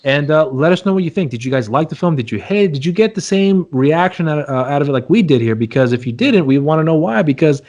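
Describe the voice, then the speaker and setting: A man's voice: on the high side, lively intonation, fast talker, few pauses, a little mellow, highs cut off. A man co-hosting a casual movie review chat, rambling and repeating himself as he talks. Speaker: podcast co-host.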